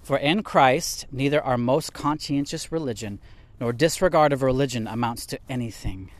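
Lively, slightly breathless male teacher. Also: fairly high pitch, brisk, no room sound. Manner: animated, reads and explains scripture; talks while walking vigorously. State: a little out of breath. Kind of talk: spoken Bible teaching.

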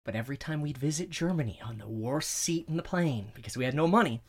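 A man chats as a guest inside a sauna, flushed and overheated with a racing heart. His middle-pitched voice tells stories with animation, and he slips into other people's voices as he quotes them. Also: fast talker, slightly rough. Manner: animated storyteller who acts out quoted voices. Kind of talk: casual interview chat.

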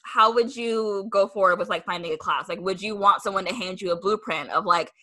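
A woman's voice: medium pitch, a little fast, few pauses, sharp tone. A young woman hosting a podcast, chatting casually with many "like" fillers and acting out what people said to her. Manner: chatty, lots of "like" fillers, acts out quoted replies. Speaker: podcast host.

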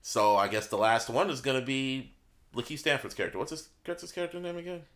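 A man co-hosting a podcast in casual chat, animated and swearing freely, voice jumping up when he gets excited and laughing often. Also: mid-range voice, fast. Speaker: podcast co-host.

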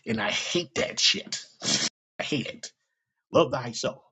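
A man hosting a podcast, talking in a blunt, profane, self-deprecating casual monologue with a gravelly, husky voice. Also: fairly high pitch, very animated, slow pace, sharp tone. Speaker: podcast host.

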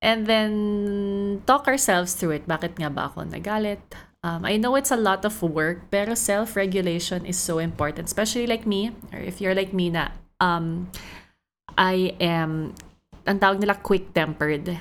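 A woman's voice: medium pitch, normal speed, slight background noise. A Filipino woman hosting a solo podcast, telling a personal story in a conversational, thoughtful way. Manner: conversational, thoughtful, mixing languages freely. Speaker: podcast host.

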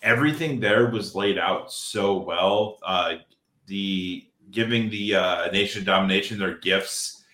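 Deep-ish bright man on a podcast, stop-start delivery, roomy sound. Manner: halting, many filler pauses. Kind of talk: casual podcast chat. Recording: roomy echo.

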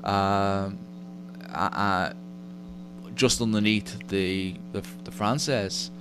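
Low-voiced male host, stammering. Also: very slow. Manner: stammering restarts, repeats words. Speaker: podcast host. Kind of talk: casual interview chat. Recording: steady hum behind voice.

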